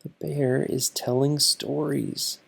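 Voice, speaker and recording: A man reading a picture book aloud to children slowly and deliberately, stopping to explain the feelings and words on each page. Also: medium pitch, flat delivery, gravelly, husky.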